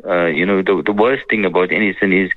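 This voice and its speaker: A man, a mufti, speaks in a fairly low voice on a dry radio studio recording. He answers questions in a relaxed way and slips into the slangy voices of the people in his stories. The talk stays casual and conversational throughout. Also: fast talker, dry recording, phone-quality sound. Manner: relaxed storytelling, acts out quoted people with slang. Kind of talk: radio religious Q&A chat.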